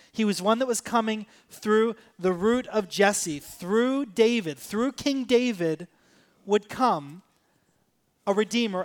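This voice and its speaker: A man preaching a sermon, animated, acting out quoted voices and swinging from soft to loud. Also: high voice. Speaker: pastor.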